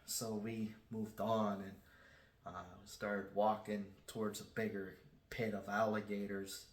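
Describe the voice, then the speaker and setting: Man, low voice, rambling casual storyteller, echoey room. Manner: rambling, halting delivery with many restarts; self-described shy. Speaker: channel host.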